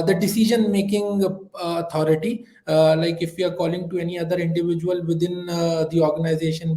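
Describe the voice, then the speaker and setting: A man's voice: fairly high pitch, warm tone, reverberant, poor audio. A man who is a sales rep, speaking hesitantly with many fillers during a webinar role-play call.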